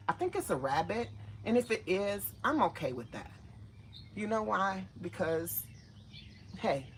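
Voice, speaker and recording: Soft, low-voiced woman in her garden. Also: a little hiss or hum. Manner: emotional, enthusiastic, talks straight to viewers. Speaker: vlogger. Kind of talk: casual garden walkthrough vlog. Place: outdoors in a home garden. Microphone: phone held while walking.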